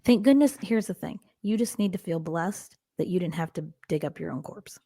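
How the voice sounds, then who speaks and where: A woman co-hosting a true-crime podcast, telling the case with wry dark humor. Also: on the low side, animated, normal speed, no echo, studio quality. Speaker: podcast co-host and storyteller. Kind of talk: casual true-crime storytelling.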